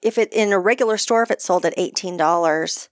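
A woman's voice: mid-range voice, brisk, no room sound. A woman co-hosting a podcast, chatting casually and playfully while tasting wine, laughing easily. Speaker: podcast co-host.

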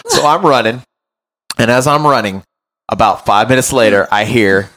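A man hosting a podcast as a run coach, telling an animated, self-mocking story in casual chat and often checking in with "right?". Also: mid-range voice, moderate pace.

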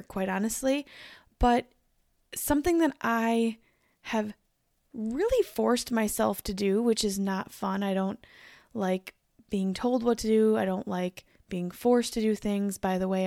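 A woman's voice: mid-range voice, vocal fry, dark tone, no room sound, clean studio sound. A young woman hosting her own podcast, talking candidly in a casual chat with a tired, scratchy voice. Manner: candid, chatty, emphatic. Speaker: podcast host. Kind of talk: casual solo podcast talk.

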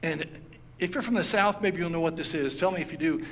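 A man's voice: a little high, a little fast. A man preaching a sermon as pastor, telling a story and acting out its quoted lines. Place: church sanctuary. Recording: long hall reverb, faint ambience.

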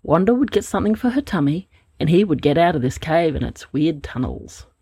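A woman narrating a children's story, gentle and expressive. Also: sits low, fairly quick, breathy edge, no room sound. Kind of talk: storybook reading.

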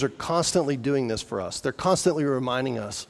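A man's voice: mid-range voice, lively intonation, brisk, gravelly, hardly any pauses. Man preaching in an echoing hall. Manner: conversational preaching with restarts and asides. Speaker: pastor. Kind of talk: sermon. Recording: long reverb of a large hall.

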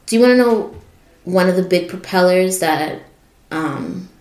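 A woman's voice: lowish voice, animated, a little slow, a little mellow, reverberant. A young woman hosting a podcast, reflecting on her life in an emotional voice that wavers and cracks. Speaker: podcast host. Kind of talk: personal reflective monologue.

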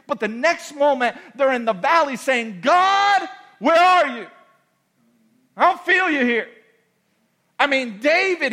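Bright-voiced preacher man, shouting and impassioned. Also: extremely high pitch. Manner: preaching with rising shouts and dramatic acted-out prayers; repeats phrases for emphasis, calls out to the congregation. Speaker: pastor. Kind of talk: sermon. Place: church.

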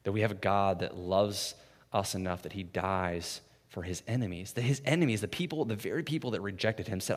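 A man preaching a sermon in a conversational way, often adding "right?" and swinging from hushed, soft passages to loud, intense ones. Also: on the low side, a little fast. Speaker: pastor. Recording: long reverb of a large hall.

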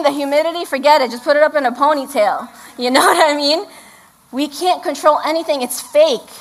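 Middle-aged woman pastor with a high voice; chatty, animated sermon delivery. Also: rough recording. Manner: conversational, acts out imagined prayers with laughs.

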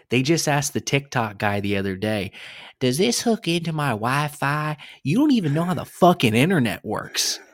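A man's voice: mid-range voice, no echo, clean studio sound. A man co-hosting a sports podcast who rants in an exasperated, profane way. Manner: animated, exasperated, profane ranting. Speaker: podcast co-host. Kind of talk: casual sports podcast rant.

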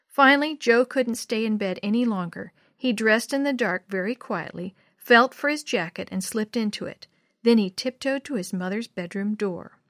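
Woman narrator, storybook reading, measured, expressive, dry sound. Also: on the high side, no echo.

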